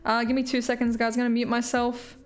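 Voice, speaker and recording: A woman's voice: a little high, completely flat delivery, fast talker, faint music behind. A young Australian woman chatting on a live stream, answering viewer comments and laughing often. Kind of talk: casual live-stream chat. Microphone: headphones with mic.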